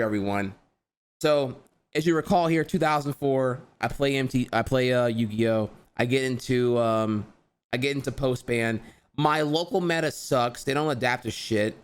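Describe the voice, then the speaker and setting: A man's voice: mid-range voice, clear, resonant tone. Rambling, profane man telling a story. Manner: chatty and profane, heavy slang and repeated "dude"; rambling, with frequent restarts and filler asides. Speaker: streamer telling a personal story. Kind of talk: casual storytelling vlog.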